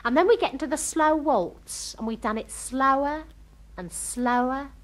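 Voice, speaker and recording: A woman's voice: sits high, measured pace. An actress playing a chatty, starry-eyed young working-class girl in a comic monologue, gossiping with homely, ungrammatical speech. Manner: lively, breathless gossiping storyteller.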